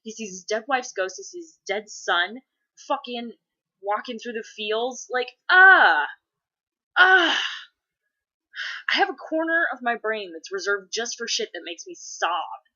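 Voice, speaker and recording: A woman's voice: on the high side, animated, normal speed, pushed and bright, lo-fi sound. A woman in her thirties chatting casually to camera, swearing freely and wandering off on tangents. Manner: profane, rambling, tangent-prone. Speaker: mother answering viewer questions. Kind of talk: casual vlog chat.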